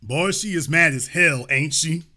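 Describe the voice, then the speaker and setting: A man's voice: fairly high pitch, measured pace, sharp tone. A man hosting a call-in show, talking in a mocking, insulting way and repeating his jabs. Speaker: show host. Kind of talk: call-in show arguing with a caller.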